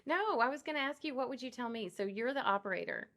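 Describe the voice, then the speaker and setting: A woman co-host chatting casually in a bright, sharp voice. Her pitch swings widely as she tells stories animatedly. She laughs often along the way. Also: lively intonation, fast, vocal fry. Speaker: talk show co-host. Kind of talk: casual chat.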